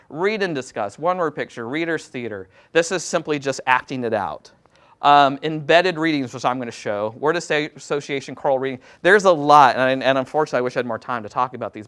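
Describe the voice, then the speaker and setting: A man's voice: mid-range voice, a bit bright, smooth. A man who teaches Latin, giving a casual workshop presentation to other teachers in a self-deprecating, chatty way. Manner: casual, self-deprecating, chatty with many fillers and quoted asides.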